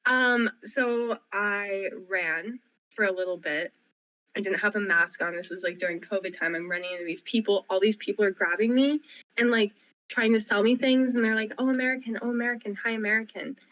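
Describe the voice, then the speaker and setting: A young woman co-hosting a radio show who tells a story at full tilt. She is animated and rapid, with plenty of "like" and a pitch of middling height. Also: muffled recording. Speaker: co-host. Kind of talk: casual storytelling chat. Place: radio studio.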